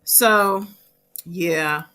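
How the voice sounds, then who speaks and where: Sassy chatty woman with a bright voice. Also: lowish voice, extremely slow. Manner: sassy, chatty, laughs often. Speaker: host of a celebrity gossip channel. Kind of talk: casual reaction commentary.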